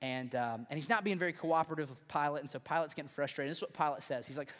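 High-voiced pastor preaching in a hall. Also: male voice, fast talker, fairly bright tone. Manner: emphatic, conversational, rhetorical questions. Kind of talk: sermon. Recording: long reverb in a large hall.

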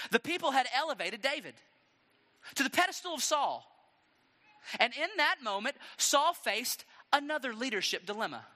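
A male pastor preaching a sermon with dramatic, animated storytelling and rhetorical questions. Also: extremely high pitch, big-room sound.

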